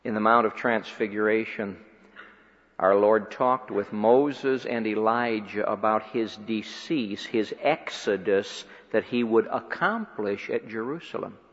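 A man preaching a sermon, rising to loud emphatic peaks and dropping to quiet, low phrases. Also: measured pace. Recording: dull lo-fi sound with long hall reverb.

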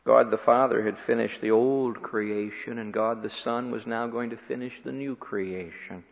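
A man delivering a sermon in a big, echoing hall, his words ringing out with a long tail of reverb. He swings from loud, emphatic climaxes down to hushed, low lines. The recording is muffled and lo-fi. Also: fairly even intonation, normal speed, creaky. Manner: swings between loud emphatic peaks and quiet low phrases. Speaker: preacher.

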